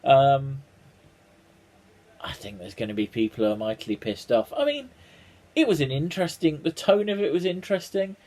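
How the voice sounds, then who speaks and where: Speaking to camera at a moderate pace, a vlogger reacts to a trailer in a warm, mid-range voice. His talk is a casual, wry ramble full of ums and restarts, with an occasional swear word.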